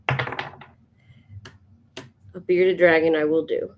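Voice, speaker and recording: A woman streaming live as she sketches, chatting to viewers and thinking out loud, yawning now and then. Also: deep voice, fairly even intonation, a little slow, long pauses. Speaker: livestream sketch artist. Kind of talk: casual livestream chat.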